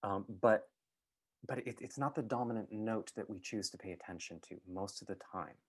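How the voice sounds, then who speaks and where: A man speaking in a reflective, exploratory way as a guest speaker. His voice sits a little low. He pauses, restarts and fills gaps with small hesitations as he thinks aloud. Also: slightly rough. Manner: thoughtful, halting, with many fillers and restarts. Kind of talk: reflective talk.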